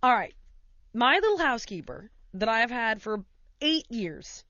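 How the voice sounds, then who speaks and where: A woman's voice: a little high, very animated, normal speed, bright, forceful tone, no room sound, highs cut off. A woman hosting a talk show, telling a story in a casual, rambling way full of "like" and "you know", laughing as she goes.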